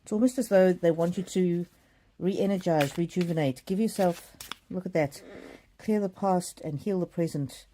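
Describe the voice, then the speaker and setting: A middle-aged woman reads oracle cards live, her voice pitched a little low and mellow. She speaks gently and haltingly, with plenty of pauses, ums and repeated phrases as she searches for the message. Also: a little hiss or hum. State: choked up with emotion. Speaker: psychic card reader. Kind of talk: live oracle card reading.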